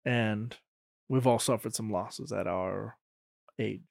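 A man doing a hushed old serpent traveler. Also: on the low side, gravelly, no echo, clean studio sound, voice pushed down, heavily acted. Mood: consoling. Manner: slow, hushed, gentle. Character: soft-spoken older serpent traveler.

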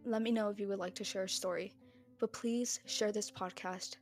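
A woman's voice: mid-range voice, fairly even intonation, moderate pace, soft background music. A young woman hosting a solo podcast, talking bluntly and heatedly and swearing freely. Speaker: podcast host.

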